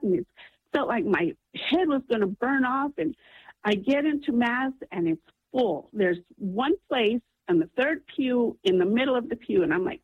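Woman, radio caller, earnest storytelling, husky, tinny phone sound. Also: fairly high pitch, lively intonation, normal speed, no room sound. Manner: earnest, breathless storytelling with many ums.

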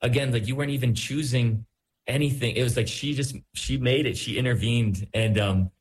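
A man, a priest guest on a talk show, responding thoughtfully and gently to a caller's story. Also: medium pitch, moderate pace. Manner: gentle, searching, many restarts. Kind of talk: reflective talk show commentary.

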